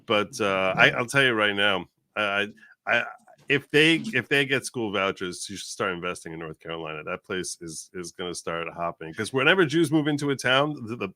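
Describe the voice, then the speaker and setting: Casting note: man, low-ish pitch, bright forceful tone, animated rambling guest, dry close sound. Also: fairly quick, dry recording. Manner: animated, rambling, many restarts. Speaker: guest commentator. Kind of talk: casual chat.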